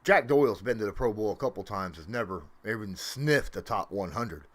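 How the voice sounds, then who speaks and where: A man hosting a casual livestream from his home, rambling with lots of fillers and swinging up and down in pitch and loudness. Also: lively intonation, brisk. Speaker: livestream host.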